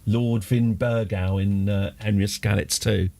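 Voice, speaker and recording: A man's voice: lowish voice, fairly even intonation, a little slow, vocal fry, warm tone. A man chatting casually as a game streamer, rambling through tangents with dry jokes. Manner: rambling, tangent-prone, dryly joking. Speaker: livestream gamer host.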